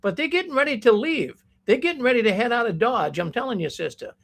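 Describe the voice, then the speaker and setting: A man's voice: extremely high pitch, animated, fast talker, vocal fry, a bit bright. A man hosting a call-in show, talking in a folksy, casual way and thanking callers. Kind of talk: casual call-in radio talk.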